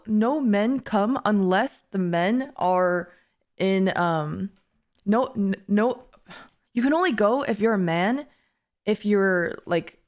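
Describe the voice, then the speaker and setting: A young adult woman streamer telling a story casually, animated and laughing often as she acts out what people said. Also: mid-range voice.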